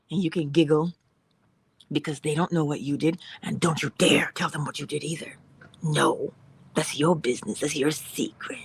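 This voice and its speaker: A woman with a low, husky voice delivers an inspirational spiritual talk as host of a morning livestream. She speaks with animation, slips into little voices, and sinks into soft whispers for emphasis. The sound is dry and close. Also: moderate pace, dry recording. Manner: animated, acts out dialogue in voices, drops to whispers.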